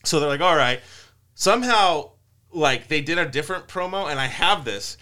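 A man hosting a casual podcast, telling a story in an animated way, laughing and acting out quotes. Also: a little high, moderate pace. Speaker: podcast host.

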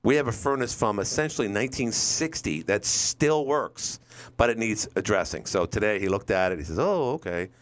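A man's voice: fairly low pitch, animated, normal speed. Rambling male radio talk host. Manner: rambling storyteller, acts out quotes. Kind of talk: casual call-in radio talk.

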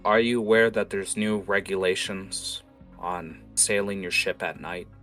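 A man's voice: low-pitched, level tone, measured pace, a bit bright, faint music behind. A game master voicing a weary, grim male city guard captain, blunt and worn down.

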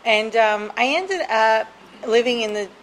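A woman's voice: a little high, expressive, a little slow, slight background noise, rough recording. Candid woman laughing through her story. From New Jersey. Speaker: guest sharing her recovery story. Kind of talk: personal storytelling.

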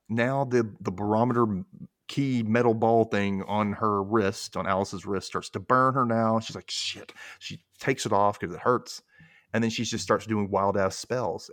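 A man's voice: lowish voice, fairly bright tone, dry recording, clean studio sound. A young man hosting a podcast, casually recapping a TV episode and acting out characters' lines in exaggerated voices. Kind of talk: casual chat.

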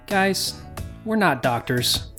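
A man co-hosting a casual comedy podcast, trading deadpan jokes and plugging the show. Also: sits high, slow, soft background music. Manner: joking, deadpan self-promotion. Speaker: podcast co-host.

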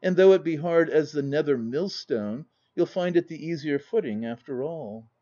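A man voicing a brash, boisterous young country gentleman who talks in a loud, blustering way, read as part of a storybook. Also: on the high side, expressive, normal speed, muffled recording, natural voice. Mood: teasing.

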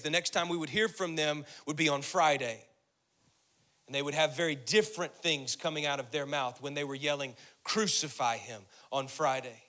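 Bright-voiced male pastor preaching. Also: on the high side. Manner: preaching with rising intensity, voicing Jesus' words; repeats phrases for emphasis. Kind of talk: sermon.

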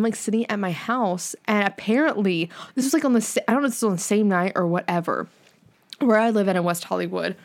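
A woman co-hosting a podcast in casual chat, talking freely with lots of fillers and casual swearing. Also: mid-range voice. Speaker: podcast co-host.

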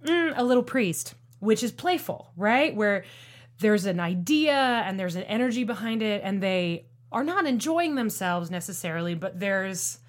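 A woman's voice: mid-range voice, animated, normal speed. A woman film critic talking in a casual, emphatic and opinionated way on a podcast.

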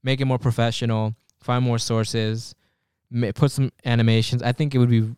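A man's voice: mid-range voice, little pitch movement, moderate pace, a little mellow, clear, resonant tone, dry recording, clean studio sound. A man co-hosting a podcast, chatting casually in a loose, rambling way and swearing now and then. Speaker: podcast co-host. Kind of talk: casual chat.

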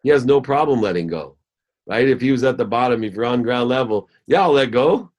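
A man's voice: mid-range voice, brisk, a little mellow, dull audio. A man giving a motivational talk in an interview, emphatic and listing ideas in rhythmic phrases. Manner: acts out voices when telling a story. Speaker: guest speaker.

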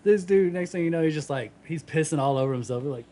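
A man's voice: mid-range voice, fast, few pauses, mellow, a little hiss or hum. A man in his thirties, a guest telling childhood stories in loose, profane casual chat. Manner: loose, profane, mumbling storytelling.

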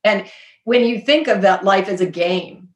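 An earnest woman tells her story in a relaxed, animated way. Her voice sits at a middle pitch. The room around her is echoey. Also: unhurried. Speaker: podcast guest. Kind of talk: casual chat.

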